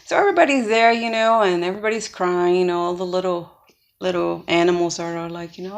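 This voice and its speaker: Gravelly lady telling a fable, rambly, lots of "you know". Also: mid-range voice, steady tone, moderate pace. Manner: rambling, many fillers and restarts. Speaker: storyteller. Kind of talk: casual spoken storytelling.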